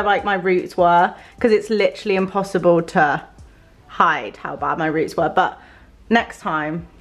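A young woman, chatting casually and self-mockingly as she gets ready on camera. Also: medium pitch. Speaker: beauty vlogger. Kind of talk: casual vlog chat. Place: home bedroom at a mirror. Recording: echoey room.

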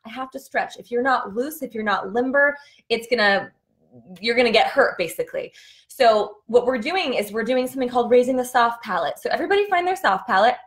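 A woman's voice: a little high, expressive, brisk. A young woman teaching a live singing lesson, explaining and demonstrating vocal exercises with a tired voice. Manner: demonstrative, sings and yells sample notes between explanations.

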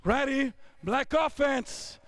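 A man's voice: very high voice, slow, a bit bright, dry recording. A man in his fifties from Italy with an Italian accent, coaching players through drills on a court with short barked commands. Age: 50s. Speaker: basketball coach. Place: indoor basketball court.

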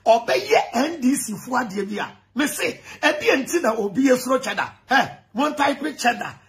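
A man with a Ghanaian accent giving an animated political rant, shouting and laughing as he mixes English with Twi. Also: extremely high pitch, moderate pace, few pauses. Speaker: commentator.

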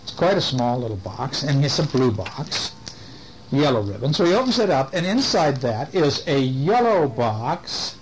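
Animated older man reading bedtime stories. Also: mid-range voice, moderate pace, background noise. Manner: animated, playful questions to the kids. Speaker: storyteller. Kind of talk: reading a picture book aloud to children.

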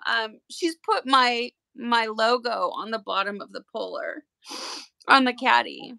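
A woman hosting a tie-dye livestream, chatting casually and gushing with excitement. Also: fairly high pitch, slow pace, gravelly, no room sound. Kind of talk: casual livestream chat while unboxing.

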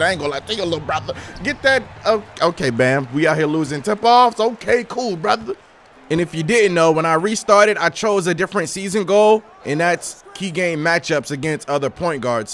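High, gravelly young man yelling at a game. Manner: loud, excitable trash-talk, often shouting at the game. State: losing his voice. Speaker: gaming YouTuber. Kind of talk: live gameplay commentary.

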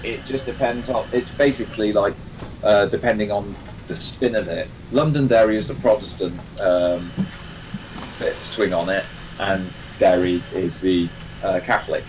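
A man's voice: on the low side, steady tone, moderate pace, a little mellow, a little hiss or hum, poor audio. A man hosting a live game stream, chatting casually and rambling with lots of fillers and restarts. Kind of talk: casual chat while playing a train game.

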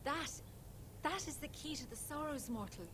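A woman's voice: high-pitched, lively intonation, normal speed. A woman voicing a solemn, ageless female fae guide in a video game, speaking in formal, archaic phrasing. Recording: game audio with clear background noise.

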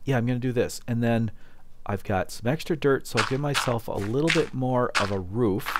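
A man's voice: medium pitch, noisy background. A man hosting a casual let's play, chatting playfully as he goes and talking to objects in the game.

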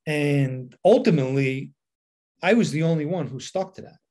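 A man's voice: a little high, moderate pace. A middle-aged man, telling a personal story in a casual monologue and acting out the quoted dialogue. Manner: animated retelling with quoted dialogue.

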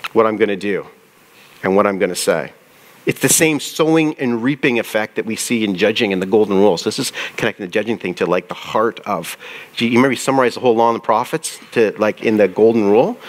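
Preaching in a conversational style, a male pastor speaks with a medium-pitched, slightly bright voice. He frequently questions his congregation and slows down to read scripture aloud.

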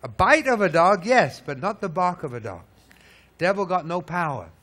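A man preaching a sermon, firing rhetorical questions and swinging from loud peaks to low, hushed lines. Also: sing-song, normal speed. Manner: emphatic, hammering rhetorical questions.

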